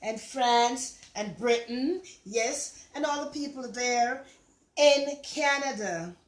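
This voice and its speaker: A woman's voice: on the high side, takes it slowly. An older woman with a Jamaican accent, hosting a casual home cooking vlog in a chatty, rambling, affectionate way. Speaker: cooking show host. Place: home kitchen. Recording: echoey kitchen.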